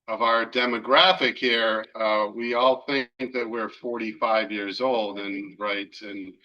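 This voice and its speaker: A man teaching a Torah class as a rabbi, chatting with students and pausing often with fillers. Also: fairly low pitch, steady tone, lo-fi sound. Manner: conversational, hesitant fillers, takes questions from students.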